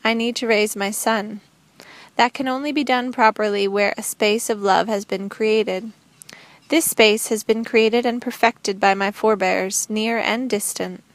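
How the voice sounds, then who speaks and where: A woman reading the lines of a calm, gentle young woman in an audiobook, speaking earnestly and evenly. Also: medium pitch, a little slow, no room sound, lightly acted.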